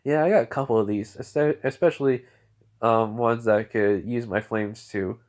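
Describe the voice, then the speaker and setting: A man voicing a calm, cocky teenage boy hero who talks in a relaxed, smug way. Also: mid-range voice, moderate pace, close to an everyday voice.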